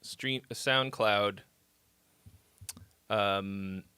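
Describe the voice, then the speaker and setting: On a live stream where he critiques fans' songs, a man chats loosely, swearing and reacting on the fly. His voice is on the low side, very slow, sharp and clean, in a dry recording.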